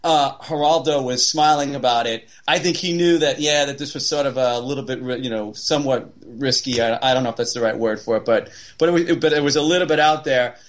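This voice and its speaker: A man's voice: mid-range voice, a little fast, few pauses. A man co-hosting a podcast in casual chat, rambling with many fillers and restarts. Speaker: podcast co-host.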